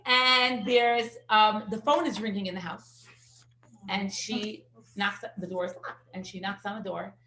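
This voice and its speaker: A woman teaching a parenting class in a casual, animated storytelling way, acting out what people said and dropping in Yiddish words. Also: mid-range voice, a little slow, a little hiss or hum. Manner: animated storyteller who acts out quotes and sprinkles in Yiddish words. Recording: echoey room.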